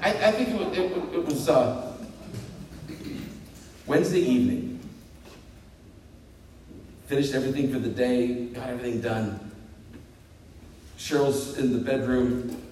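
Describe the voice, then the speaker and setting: A man in his fifties preaching a sermon as pastor, telling jokes on himself in a lively, swooping voice. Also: unhurried, pauses often, a little hiss or hum. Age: 50s. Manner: lively, self-deprecating storytelling with swooping pitch. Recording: echoey hall picked up from a distance.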